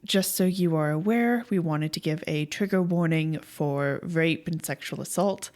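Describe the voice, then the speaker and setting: A woman co-hosting a podcast in casual chat, talkative and quick to laugh. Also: low-pitched, darkish tone. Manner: chatty, laughs often, loose fillers. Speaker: podcast co-host.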